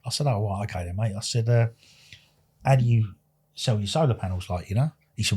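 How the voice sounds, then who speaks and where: A man's voice: fairly low pitch, brisk, breathy edge. A man in casual podcast chat, telling stories animatedly and acting out dialogue. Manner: animated, acts out dialogue, swears. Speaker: podcast guest.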